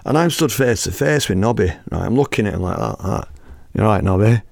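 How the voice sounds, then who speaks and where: A man in his fifties hosting a podcast, telling a story in a lively, casual way, acting out the scene and swearing freely. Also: lowish voice, a little fast, vocal fry, no echo. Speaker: podcast host and musician.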